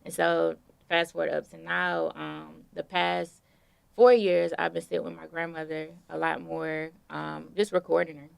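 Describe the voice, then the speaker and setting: Woman, low voice, heavy vocal fry, laid-back storytelling, dry sound. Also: normal speed, dry recording. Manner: relaxed storytelling with many fillers. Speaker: interview guest, artist. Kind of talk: casual conversational interview.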